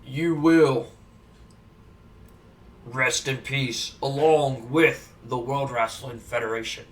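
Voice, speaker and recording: A man putting on the voice of a menacing undertaker wrestler, drawing out his threats low and slow. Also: steady tone, distant mic, natural voice.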